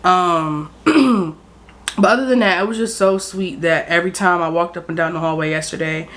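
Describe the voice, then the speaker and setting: A woman's voice: fairly low pitch, moderate pace, a bit bright. A woman in her twenties from South Jersey, chatting casually and candidly to her vlog camera. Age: 20s. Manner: candid, frank, swears freely. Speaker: vlogger.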